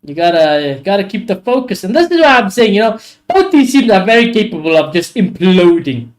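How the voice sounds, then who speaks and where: Excitable high-voiced man. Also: brisk. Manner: excitable, swears freely, reacts loudly to play. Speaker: watchalong host. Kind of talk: live football watchalong commentary.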